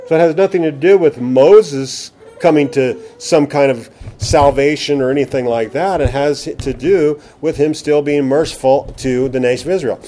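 A man's voice: fairly high pitch, normal speed, few pauses, mellow. A middle-aged man preaching a Bible teaching sermon, conversational, asking rhetorical questions and checking in with "okay?". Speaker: pastor.

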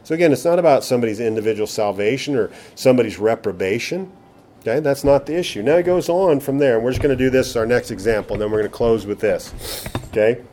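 A man's voice: mid-range voice, fast talker, dark tone, slight background noise. A middle-aged man preaching a Bible teaching sermon, conversational, asking rhetorical questions and checking in with "okay?". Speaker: pastor.

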